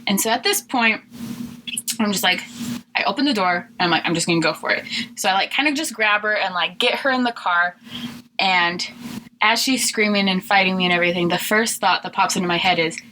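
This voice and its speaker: A woman's voice: mid-range voice, brisk, sharp tone, slight background noise, poor audio. A young woman co-hosting a podcast, telling a long story in a chatty, filler-heavy way. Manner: chatty, filler-heavy, laughing through anecdotes. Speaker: podcast co-host. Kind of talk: casual storytelling chat.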